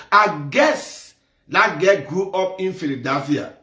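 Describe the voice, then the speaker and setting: A man talks straight to his viewers, hammering each point home by saying it again and again. His voice swings widely in pitch while his pace stays slow and deliberate. The recording carries a noticeable room echo. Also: lively intonation, bright, forceful tone. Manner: repetitive, emphatic, gets heated. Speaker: commentator. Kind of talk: casual commentary. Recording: echoey room.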